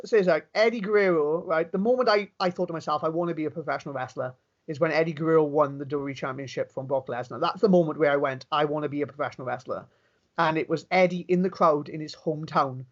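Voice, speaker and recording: A Welsh wrestler tells his story in a casual interview, talking in animated bursts and often starting his sentences over. His voice sits a little high for a man. The audio is muffled and lo-fi. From Wales. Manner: animated, quick storytelling with many restarts. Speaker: professional wrestler, interview guest.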